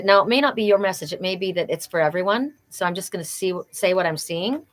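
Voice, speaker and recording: Woman, middle-aged, oracle card reader, earnest, animated, repeats herself for emphasis. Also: on the low side, fast talker. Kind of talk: live spiritual card reading.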